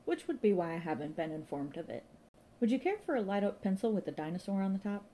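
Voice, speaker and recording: A flirtatious museum shop receptionist, as a woman reading a storybook puts her on, prattling in a breezy, gossipy, naive way. The voice is lifted and eager over a mellow base. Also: mid-range voice, sing-song, quick pace, a little hiss or hum, pitched above the performer's own voice, close to an everyday voice. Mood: chatty.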